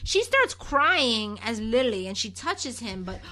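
Brief: female co-host, gossipy and animated, slightly high voice, very lively pitch. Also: measured pace. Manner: animated, gossipy, quotes characters in exaggerated voices. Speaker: podcast co-host. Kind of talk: casual chat recapping a soap opera.

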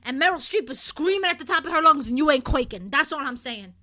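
A woman co-hosting a podcast in casual chat, blunt and animated, laughing often. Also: sits high, fast. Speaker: podcast co-host.

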